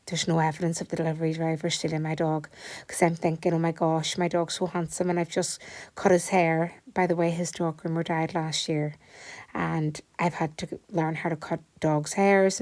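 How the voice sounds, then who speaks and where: A woman, telling a story at home in an animated, breathless way and sometimes dropping to a whisper. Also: low voice. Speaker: home vlogger. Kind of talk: chatty storytelling vlog.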